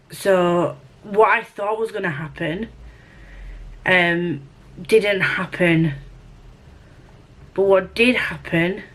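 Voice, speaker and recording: Slow, rambling woman chatting about books. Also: mid-range voice. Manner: rambling, self-deprecating, full of fillers. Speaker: book vlogger. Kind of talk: casual book chat. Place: at home.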